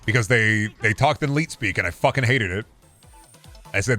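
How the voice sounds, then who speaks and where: A man's voice: on the low side, normal speed, sharp tone, faint music behind. A male streamer in casual live-stream chat, ranting sarcastically and swearing.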